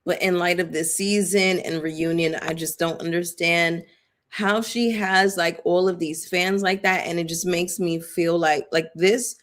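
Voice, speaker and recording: Blunt, lower-pitched woman chatting to viewers. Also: a bit bright. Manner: chatty, emphatic, addresses viewers as y'all and girl. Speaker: reality TV commentator. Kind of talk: casual live-stream commentary.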